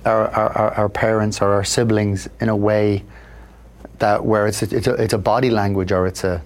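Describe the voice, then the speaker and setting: A man's voice: fairly low pitch, normal speed. A man, a guest in an interview, telling personal stories in a reflective way and acting out the people he quotes. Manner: reflective, acts out quoted people in lively voices. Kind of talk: candid conversational storytelling.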